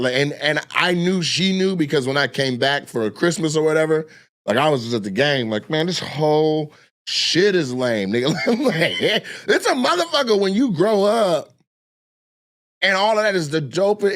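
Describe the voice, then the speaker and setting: A man with a slightly high voice talks through a casual chat. He swears freely and tells stories with energy, slipping into the voices of people he is quoting. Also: moderate pace. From Lacey, Washington. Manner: animated, profane, acts out quoted voices. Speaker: comedian guest.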